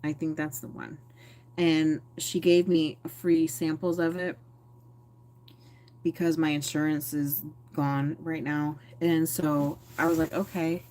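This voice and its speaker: Speaking slowly in a low, level, darkish voice, a woman vlogger shares candid personal thoughts on camera. The talk meanders reflectively, with plenty of fillers and self-corrections.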